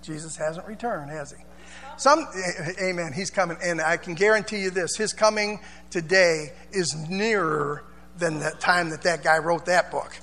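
A man's voice: sits high, moderate pace, pushed and bright, in a large hall, a little hiss or hum. A male pastor preaching a sermon in a church, chatty and informal, with asides and call-and-response.

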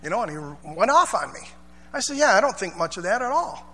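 A man's voice: sits high, sing-song, quick pace, pushed and bright, husky, long reverb tail. A male pastor preaching a sermon in a church, chatty and informal, with asides and call-and-response.

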